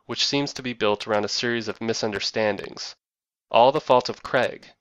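A man's voice: medium pitch, normal speed, no room sound. Dry, wry male narrator. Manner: dry, wry deadpan delivery. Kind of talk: scripted narration.

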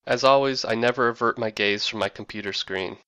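A man reading a scripted narration with a dry, wry deadpan delivery. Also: mid-range voice, fairly quick, clear, resonant tone, dry recording.

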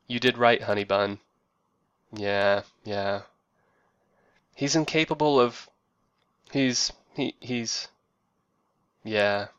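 A man voicing a flustered male office worker on phone calls, talking in halting, repetitive bursts. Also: lowish voice, fairly bright tone, smooth, dry recording, dull audio. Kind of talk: acted quotes in a narrated essay.

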